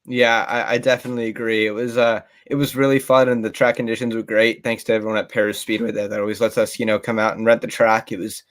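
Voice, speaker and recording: A man's voice: on the low side, flat delivery, quick pace, hardly any pauses. A man co-hosting a casual podcast, loose and hesitant with many fillers.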